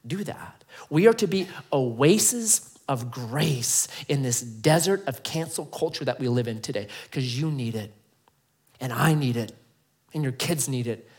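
Male pastor mid-sermon; emphatic, dynamic, loud-to-hushed delivery. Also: mid-range voice, expressive, a little slow.

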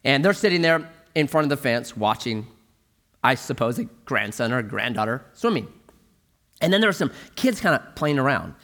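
Animated storytelling male pastor. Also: mid-range voice, normal speed. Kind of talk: sermon.

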